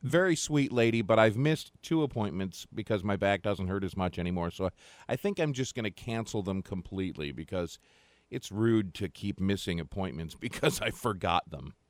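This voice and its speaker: Man, co-host, wry joking asides, low voice, lively pitch, dry close mic. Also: moderate pace, dry recording. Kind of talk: casual talk show banter.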